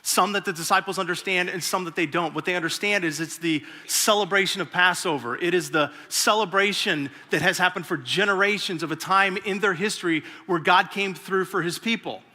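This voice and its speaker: A man's voice: sits high, brisk, hardly any pauses. A man in his forties, a pastor, telling a personal story in a sermon and acting out the quotes as he goes. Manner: storytelling, animated, acts out quotes. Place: large church hall. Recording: long hall reverb.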